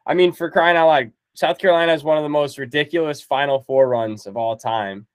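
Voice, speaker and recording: A man's voice: on the high side, fairly quick, clear, resonant tone, no echo. A man co-hosting a sports podcast, bantering in an upbeat, reassuring way. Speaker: podcast co-host. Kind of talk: casual sports chat.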